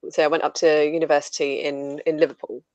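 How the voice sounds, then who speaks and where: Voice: medium pitch, level tone, quick pace, darkish tone, smooth, dry recording, muffled recording. A guest from southern England whose accent has picked up some Scouse, chatting casually and laughing easily between many fillers. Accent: southern English with some Scouse. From England, Buckinghamshire. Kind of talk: casual streamed chat.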